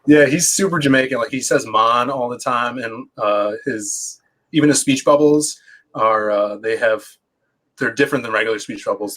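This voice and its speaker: A man's voice: mid-range voice, a bit bright. Chatty man talking about his comic. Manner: chatty, rambling with many fillers. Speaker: guest comic book creator. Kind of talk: casual livestream interview.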